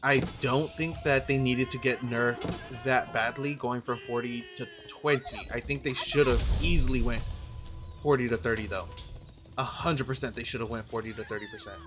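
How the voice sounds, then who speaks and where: A man casting a strategy game match, opinionated, quick to correct himself, and his voice is going hoarse. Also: mid-range voice, music in the background. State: losing his voice. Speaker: game caster. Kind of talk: play-by-play strategy game commentary.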